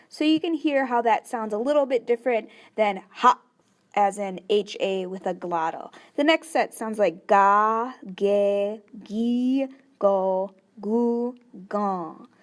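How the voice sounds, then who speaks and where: A woman teaching a language lesson, patiently sounding out syllables one at a time. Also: mid-range voice. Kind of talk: slow instructional explanation.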